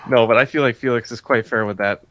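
A man, a comic artist guest, chatting casually, excited and laughing often. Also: mid-range voice, fast, no room sound, muffled recording. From Chicago area. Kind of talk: casual chat.

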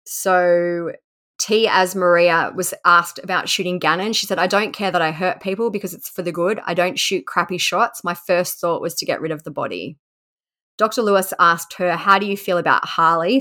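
Lower-voiced woman narrating true crime. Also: moderate pace, pushed and bright. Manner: conversational, reading quotes aloud with asides. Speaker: podcast host.

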